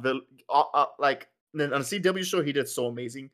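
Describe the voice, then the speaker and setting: A man's voice: mid-range voice, brisk, fairly bright tone. A man co-hosting a casual podcast, rambling with plenty of restarts and repeated words. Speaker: podcast co-host.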